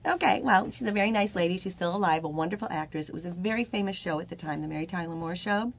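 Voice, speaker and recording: A woman's voice: on the low side, fast, vocal fry. An older woman hosting a casual interview, chatty and joking as she rambles through stories. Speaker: talent manager and host. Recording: dull lo-fi recording.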